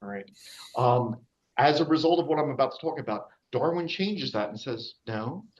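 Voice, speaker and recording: A man's voice: mid-range voice, lively intonation, moderate pace. A man giving an informal public lecture about wildlife, chatty and often checking in with his audience. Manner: chatty, checks in with the audience using "all right?"; frequent fillers and restarts. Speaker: lecturer and nature guide. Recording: dull lo-fi recording.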